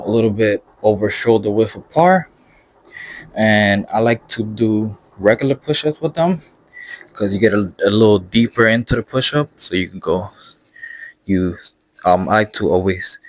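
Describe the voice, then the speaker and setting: Young guy out of breath showing his push-up routine, lowish voice, dry close sound, lots of ums. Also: a bit bright, no room sound. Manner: explains step by step with many fillers and restarts. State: out of breath from exercising. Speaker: fitness vlogger. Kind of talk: casual workout demonstration.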